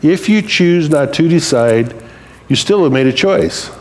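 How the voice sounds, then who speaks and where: In an unhurried, animated voice that sits a little high, an older man preaches in a church. He tells stories plainly and conversationally, as if just talking with the congregation.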